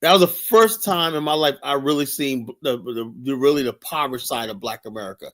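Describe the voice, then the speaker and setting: A man hosting a heated casual debate show, talking in an animated, repetitive way and swearing often. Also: mid-range voice, a little fast. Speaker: host.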